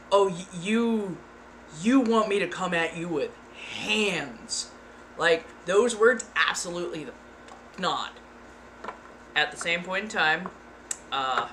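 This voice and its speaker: An ASMR streamer chats casually in a lowish, fairly bright voice, with slight background noise behind her. She's frank and giggly and sometimes slips into playful voices.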